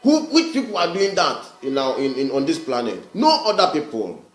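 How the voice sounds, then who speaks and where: Nigerian male livestream host, preachy and repetitive, higher pitch, echoey room. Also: huge pitch swings, normal speed, soft background music. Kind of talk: livestream address to viewers.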